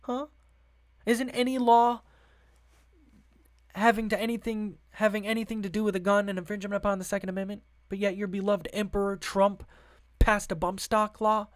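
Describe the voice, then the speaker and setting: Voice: mid-range voice, level tone, normal speed. A sarcastic political commentator who reads out news and breaks into profane rants. The delivery is heated, mocking and full of rhetorical questions.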